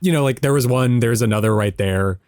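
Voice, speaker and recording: A man's voice: mid-range voice, brisk, a little mellow, no room sound, clean studio sound. A young man co-hosting a casual film commentary, joking around and now and then slipping into a silly Southern drawl. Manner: jokey, riffs with put-on Southern drawl bits.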